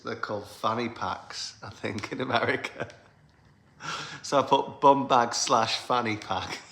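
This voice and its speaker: A man's voice: mid-range voice, fairly bright tone. A man from the UK, hosting a casual livestream for his band's fans, rambling chattily with lots of fillers and laughs. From United Kingdom. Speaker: band leader hosting a fan livestream. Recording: roomy echoey room sound.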